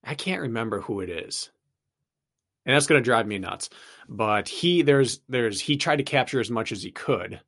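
A man's voice: mid-range voice, lively intonation, moderate pace, a bit bright. A man co-hosting a podcast, telling an anecdote in an easygoing, casual way. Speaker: podcast co-host. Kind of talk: casual conversation.

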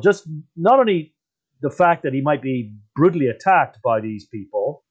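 A man guest explaining history in a thoughtful conversational way, often pausing to correct himself. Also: a little mellow. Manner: thoughtful, self-correcting, wide-ranging pitch. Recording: slightly dull muffled audio.

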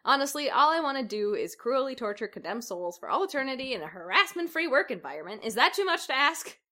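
A woman's voice: high voice, sing-song, quick pace, sharp tone, pitched above the performer's own voice, heavily acted. A woman reading as an exasperated male demon. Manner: exasperated and snappish. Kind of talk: reading fan fiction aloud.

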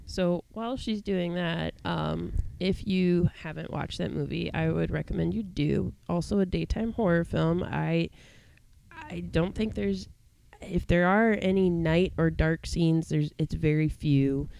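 Woman co-host, low and mellow, slow with some vocal fry, laid-back delivery. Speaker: podcast co-host. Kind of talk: casual chat.

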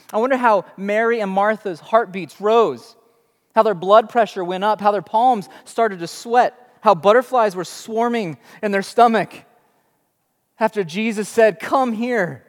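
A man's voice: sits high, measured pace. A young adult man preaching a sermon, telling the story dramatically with emphatic rhetorical questions. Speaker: pastor. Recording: long reverb in a large hall.

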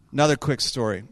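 A male pastor tells stories in a sermon, talking conversationally with quick asides. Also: medium pitch, dry recording. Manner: conversational, animated storytelling with quick asides and laughs. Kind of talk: sermon storytelling.

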